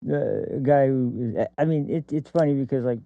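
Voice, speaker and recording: A man's voice: mid-range voice, moderate pace, vocal fry, dry recording. A man hosting a casual opinion podcast, rambling with lots of fillers and laughs, over a dry, tinny phone-like line. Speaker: podcast host.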